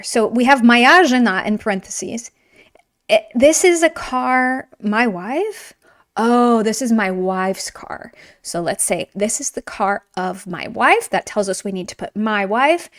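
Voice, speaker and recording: Woman, language teacher, lively and chatty, playful asides, slightly high voice. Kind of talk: online grammar lesson.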